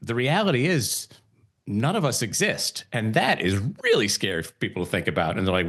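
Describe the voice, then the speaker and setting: A man's voice: on the low side, brisk, breathy edge. A middle-aged man hosting a podcast, talking casually about meditation, laughing often and acting out what people say. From Italian heritage. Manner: relaxed, laughs often, acts out quoted voices. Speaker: podcast host. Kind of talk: casual spiritual conversation.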